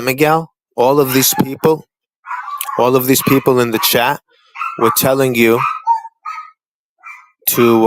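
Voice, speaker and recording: Background noise accompanies a medium-pitched man who, as a guest on a livestream panel, delivers a confrontational, foul-mouthed rant. He keeps repeating his trash talk for emphasis.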